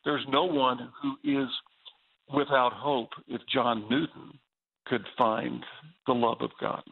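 A man's voice: mid-range voice, steady tone, slow pace, vocal fry. A man with a Southern US accent, a guest on a faith talk show, speaking earnestly and with enthusiasm. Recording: tinny phone line.

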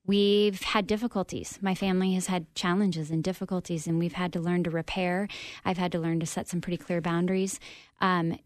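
A woman speaks as a guest on a radio interview, recounting her own story in an earnest, reflective way. Her voice sits a little low for a woman, and the sound is dry and close with no room around it. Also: no echo. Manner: earnest, open, reflective with frequent ums.

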